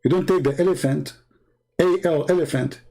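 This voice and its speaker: A man's voice: a little high, normal speed, gravelly. A man hosting a call-in debate show, talking heatedly and mockingly and cutting in on his callers. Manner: mocking, shouting, interrupting.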